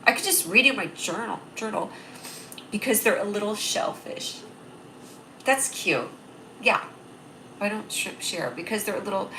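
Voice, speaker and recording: A young woman runs a casual comedy livestream, speaking right into a close webcam with a bright, forceful, mid-range voice. She rambles cheerfully and laughs at her own jokes, animated and at a normal speed but with long pauses. There's a faint hiss beneath the recording.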